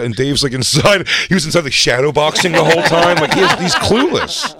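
A man's voice: fairly high pitch, animated, a little fast, creaky, bright, forceful tone. A man co-hosting a comedy chat show, telling stories animatedly, acting out his friends' voices and swearing freely. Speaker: podcast co-host.

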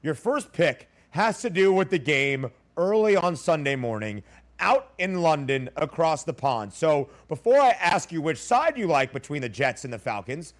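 A man's voice: on the high side, very animated, normal speed. A man hosting a sports betting radio show, upbeat and jokey as he introduces guests and picks.

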